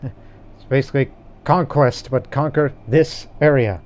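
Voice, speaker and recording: A man's voice: medium pitch, unhurried, a little mellow. A man co-hosting a casual gaming podcast, rambling with fillers and restarts. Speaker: podcast co-host.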